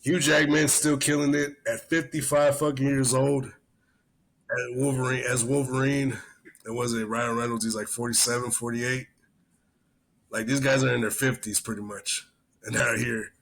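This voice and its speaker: A man's voice: mid-range voice, little pitch movement, normal speed, fairly bright tone. A man hosting a podcast in casual chat, rambling and swearing constantly as he tells stories. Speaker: podcast host, army veteran.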